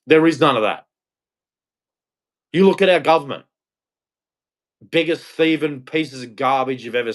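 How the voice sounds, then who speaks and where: An Australian man delivering an angry, blunt, crude rant on a livestream, repeating himself as he goes. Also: medium pitch. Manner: blunt, crude, heated, repetitive. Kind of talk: angry ranting monologue.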